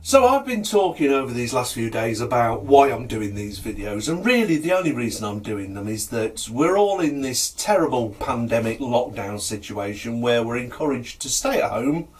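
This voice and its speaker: A man telling jokes to camera in a chatty, easygoing way. His pitch swings animatedly as he narrates. The voice sounds a little distant from the mic. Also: moderate pace, few pauses. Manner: chatty, lively, chuckles at own jokes. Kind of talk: casual joke storytelling to camera.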